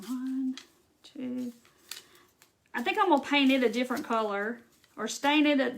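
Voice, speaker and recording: A woman from Mississippi with a Southern accent, chatting casually through a live craft demo and answering viewer comments. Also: on the high side. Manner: chatty, reads viewer comments aloud, says y'all. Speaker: craft livestream host.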